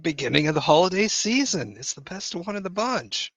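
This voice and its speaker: A man in his forties to fifties co-hosting a casual reaction podcast, chuckling often and pausing on lots of "uh"s. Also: sits high, very animated, fairly bright tone, no echo. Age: 40s to 50s. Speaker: podcast co-host. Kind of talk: casual reaction-show banter.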